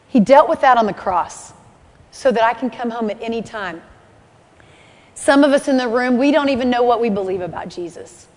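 A woman preaching a sermon in a fairly high voice, earnest and insistent, repeating her key phrases as she builds to emphatic peaks. Her voice rings with a long reverb, as in a church hall. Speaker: speaker at a church service.

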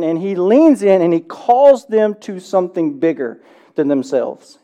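Pastor, young adult, warm mellow tone, relaxed conversational sermon delivery. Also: mid-range voice. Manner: conversational preaching with frequent "right?" tags.

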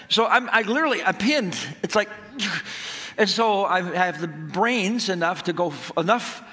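A man preaching a sermon, telling a family story in an animated way before turning to scripture. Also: sits high, a little slow. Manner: animated storytelling, acts out his own shouts. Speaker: pastor. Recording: long hall reverb.

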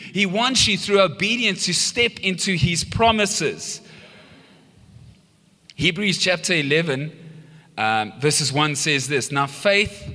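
A male pastor delivers a live sermon in a lively storytelling manner, throwing questions out to the congregation. His voice is a touch high and bright, with a forceful edge. The hall gives it a long, ringing reverb. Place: church hall.

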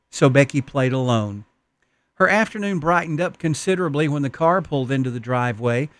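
A man's voice: mid-range voice, lively intonation, a little fast, fairly bright tone, no room sound. A man preaching a Christmas sermon, telling stories in an earnest, folksy way. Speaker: pastor.

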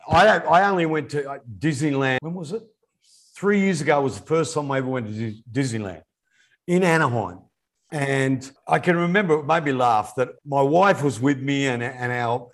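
Lively husky-voiced man. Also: medium pitch. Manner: animated storyteller. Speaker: podcast co-host. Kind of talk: casual business chat.

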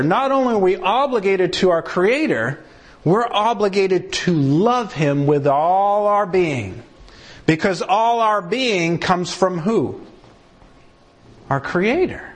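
A man delivers sermon-style Bible teaching to a gathered room, his voice pitched high and swinging widely as he speaks. He takes his time, spacing his words slowly and deliberately. Now and then he slips into mock voices of doubters and tosses questions back at the listeners.

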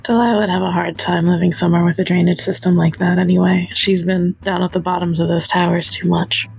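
A woman playing a tabletop game, calmly narrating her character's actions in third person. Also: on the low side, a little fast, gravelly, faint music behind. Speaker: player.

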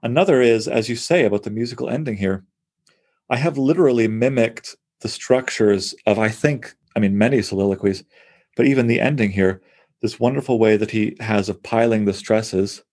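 A man's voice: on the low side, moderate pace, a little mellow, breathy edge. A man, a poet, talking through poems in an enthusiastic, thinking-aloud conversational way. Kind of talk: conversational close reading of poetry.

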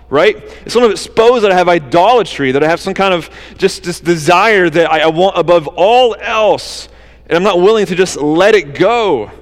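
A pastor with a high voice preaches to his church in an earnest, conversational way, posing rhetorical questions to his listeners. A long reverb tail trails his words.

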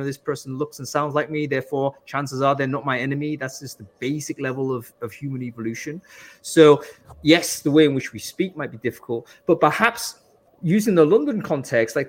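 A man hosting a live panel discussion, speaking thoughtfully and hesitantly, with many fillers. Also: medium pitch. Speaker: host.

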